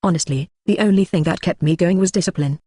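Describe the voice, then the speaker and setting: An audiobook narrator reading the lines of a wry, self-deprecating young man in the same even narrating voice. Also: medium pitch, fast talker, slightly rough, close to an everyday voice.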